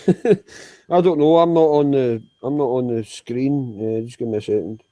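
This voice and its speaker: A man's voice: mid-range voice, unhurried, dark tone, no room sound. A man in a voice chat teasing a friend and laughing often, in a casual tone. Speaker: voice chat participant.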